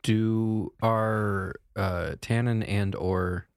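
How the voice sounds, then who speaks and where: Male player, gravelly low voice, blunt and profane, dry recording. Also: fairly even intonation, very slow, dry recording. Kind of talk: casual chat at a tabletop game.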